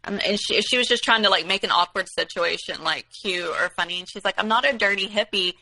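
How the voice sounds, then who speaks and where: Bright-voiced woman telling a rambling story. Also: lowish voice, quick pace, poor audio. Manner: rambling with many fillers and restarts. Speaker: guest recounting her experience. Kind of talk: casual personal storytelling.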